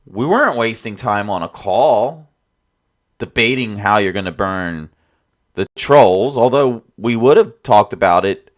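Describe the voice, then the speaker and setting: A man talking casually as a dungeon master about his game, rambling, with frequent restarts and asides. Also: medium pitch. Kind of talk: casual spoken reflection.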